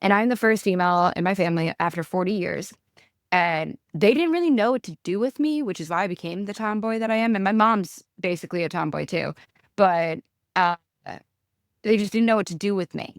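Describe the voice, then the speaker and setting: A young woman with a New York accent tells stories as an interview guest, getting animated and ranting with plenty of swearing. Her voice sits at an ordinary middle pitch. The sound is dry and close, with no room echo. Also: brisk. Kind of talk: casual interview storytelling.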